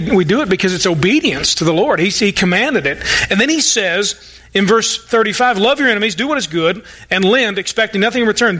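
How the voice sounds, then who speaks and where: A man's voice: sits high, pushed and bright. A male pastor preaching a sermon, folksy and emphatic, with joking asides and mock-sarcastic quotes.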